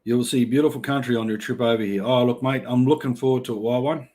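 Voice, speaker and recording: A man's voice: medium pitch, fairly even intonation, fast, warm tone. A middle-aged Australian man hosting a casual livestream, reading chat and yarning in a laid-back way with blokey slang and frequent laughs.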